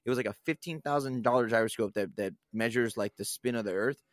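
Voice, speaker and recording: A man's voice: medium pitch, fast, dry recording, studio quality. A young man co-hosting a podcast in casual chat, rambling and swearing often, laughing at his own stories. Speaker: podcast co-host.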